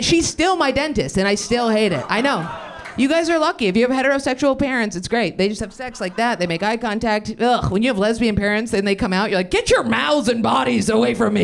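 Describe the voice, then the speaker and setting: A young woman doing improvised stand-up comedy, brash and profane, riffing quickly off audience suggestions. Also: mid-range voice. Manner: brash, profane, fast-turning riffs.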